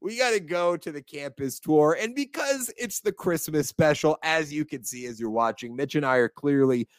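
An upbeat young man from the United States chats about sports as a podcast co-host. His voice sits fairly high and comes through dry and close, with no room sound around it. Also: dry recording. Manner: animated, enthusiastic, quick to laugh. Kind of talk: casual sports chat.

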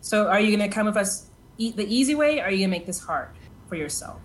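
A woman playing a tabletop game who gives brisk orders, with fillers. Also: mid-range voice, lively intonation, slight background noise. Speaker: player.

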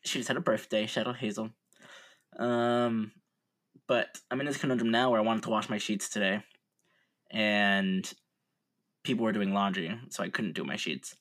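A relaxed man co-hosting a podcast who muses out loud and laughs easily. His voice sits a little low, and he keeps an easygoing, conversational tone. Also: normal speed, long pauses. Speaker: podcast co-host. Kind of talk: casual chat.

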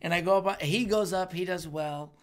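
A man's voice: high voice, a little fast. A man, a stand-up comedian, telling profane stories in casual podcast chat and acting out the people in them. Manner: profane storytelling, acting out quotes. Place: Los Angeles comedy scene.

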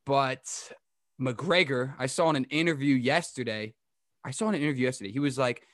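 A young adult man hosting a casual sports update to camera, rambling and chatty with quick asides. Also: mid-range voice, a bit bright, dry recording, clean studio sound. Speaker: podcast host giving a sports update.

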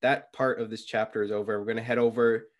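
A young man co-hosting a podcast, casually retelling a book chapter with lots of fillers and quick quoted lines. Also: lowish voice, little pitch movement. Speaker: podcast co-host.

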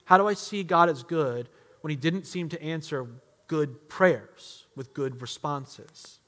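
A man preaching a sermon as a pastor, emphatic, swinging between loud outbursts and hushed, quiet lines. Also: on the high side, takes it slowly. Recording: long reverb of a large hall.

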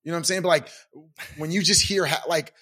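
A man's voice: fairly high pitch, fast. A man in his thirties co-hosting a casual podcast chat, telling stories and acting out other people's lines. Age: 30s. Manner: animated storyteller, acts out quotes in character. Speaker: podcast co-host.

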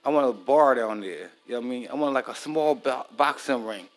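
A man's voice: medium pitch, fairly quick. A married man talks to viewers in loose, profane casual chat while he cooks. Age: adult, married. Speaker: vlogger.

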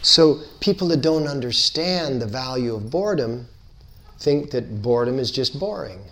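A man giving a spiritual lecture, unhurried and playful, repeating words in rhythmic build-ups. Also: mid-range voice, lively intonation, a bit bright. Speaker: spiritual teacher.

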